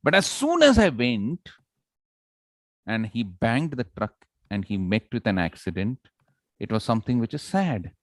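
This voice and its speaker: A man with an Indian English accent lectures on public speaking to an online class, his pitch swinging widely as he demonstrates. The sound is dry and close, with little room echo. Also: a little slow. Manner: animated, audience check-ins.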